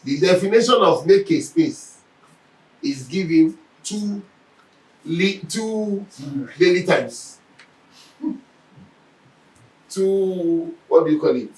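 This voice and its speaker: A man's voice: high-pitched, slow, far from the mic. Man teaching in an echoey room. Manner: animated storytelling, acts out quoted speech. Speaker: Bible teacher. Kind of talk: Bible lesson.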